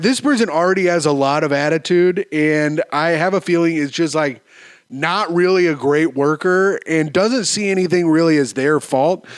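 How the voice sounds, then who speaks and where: Profane, animated podcast host, dry sound. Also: male voice, no echo. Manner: animated, profane riffing with sudden high sing-song bursts. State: voice going hoarse. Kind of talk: solo podcast, reading and riffing on listener posts.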